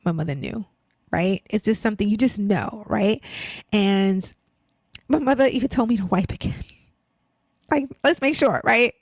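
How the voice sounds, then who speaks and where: A woman's voice: medium pitch, normal speed, long pauses, no room sound. A woman in her fifties hosting a podcast in a casual, heartfelt chat, peppering her talk with "like" and "girl". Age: 50s. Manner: chatty, emotional, heavy use of "like" and "girl". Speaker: podcast host.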